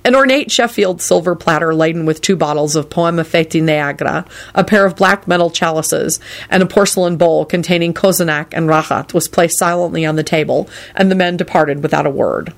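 A woman narrating a story in a measured, descriptive way. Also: low-pitched.

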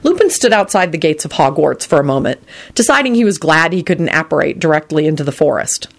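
Expressive woman reading a story. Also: low voice, quick pace, creaky. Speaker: narrator. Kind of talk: reading fan fiction aloud.

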